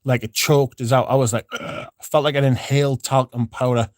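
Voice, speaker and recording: A man hosts a casual livestream, reading viewer comments aloud and chatting in a rambling, laid-back way with the occasional swear. His voice is mid-range and fairly even, his pace fairly quick, and the audio is studio quality with no room sound.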